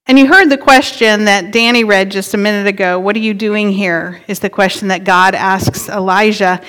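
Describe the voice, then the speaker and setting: A woman's voice: medium pitch, fairly bright tone. A woman pastor giving a sermon in a conversational way, playing with word emphasis. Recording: long hall reverb.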